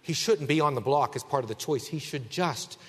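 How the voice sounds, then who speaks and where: A man preaching a sermon as pastor, emphatic, swinging between a raised voice and a hushed one. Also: fairly high pitch, brisk, slightly rough, in a large hall.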